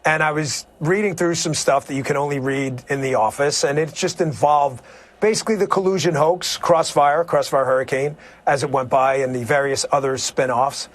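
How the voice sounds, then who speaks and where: A man speaking earnestly and haltingly as a guest in a TV news interview. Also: on the high side, steady tone. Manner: earnest, halting, searching for words.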